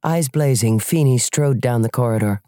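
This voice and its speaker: An audiobook narrator reading a scene in a measured way. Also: medium pitch, warm tone, no room sound, studio quality.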